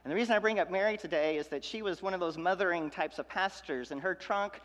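A man's voice: high voice, fast talker. Preaching man in a reverberant hall. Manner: preaching with rhythmic repetition and swings from loud to hushed. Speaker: pastor. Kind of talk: sermon.

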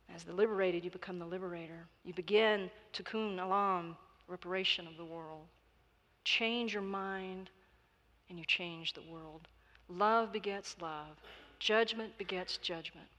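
A woman's voice: on the low side, fairly even intonation, fairly bright tone. Woman preacher in a reverberant hall. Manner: measured, emphatic preaching with slow stresses. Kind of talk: sermon. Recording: long reverb of a large hall.

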